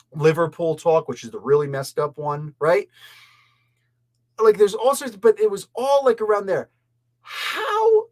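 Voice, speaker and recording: A man from Canada hosting a casual review show, talking in an exasperated, rambling, emphatic way. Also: high voice. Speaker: comic and pop culture reviewer.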